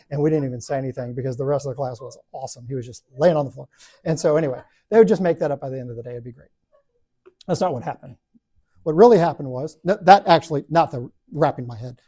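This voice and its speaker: A man leads a Bible study and tells stories in an animated, joking way, slipping into other people's voices as he goes. His tone is dark and mellow. He talks to a live group in the room. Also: a little high, breathy edge. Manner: animated, acts out voices and laughs at own stories. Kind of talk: storytelling talk to a class.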